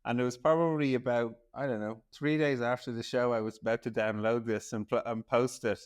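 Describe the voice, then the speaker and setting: A man's voice: medium pitch, fairly even intonation, a little fast, clear, resonant tone. A man hosting a podcast, speaking to listeners in a chatty, self-deprecating way. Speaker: podcast host. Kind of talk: casual podcast chat.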